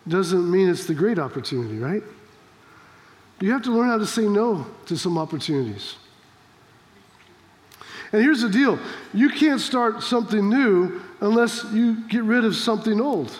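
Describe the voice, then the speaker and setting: A man's voice: high voice, big-room sound. A man preaching a sermon as pastor, fervent and exhorting, telling stories to make his points. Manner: fervent, exhorting, with storytelling asides.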